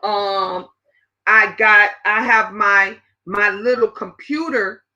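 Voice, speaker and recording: A woman in her fifties hosting a casual livestream chat, animated and talking straight to her viewers. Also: medium pitch, slow, highs cut off. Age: 50s. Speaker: livestream host.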